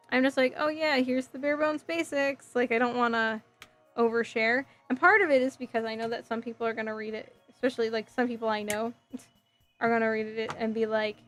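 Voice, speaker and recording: A woman hosting a casual livestream, chatting with viewers and reading their comments while she builds a model kit, rambling with lots of fillers. Her voice is going a little hoarse. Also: fairly high pitch, fairly bright tone. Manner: chatty, rambling, frequent fillers and self-corrections. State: voice getting hoarse.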